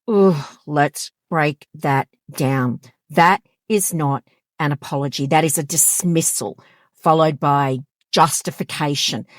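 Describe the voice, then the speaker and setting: Brief: woman counsellor host, lowish voice, unhurried emphatic delivery, dry close sound. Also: no echo. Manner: direct, emphatic, acts out quoted lines. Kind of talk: advice monologue to camera.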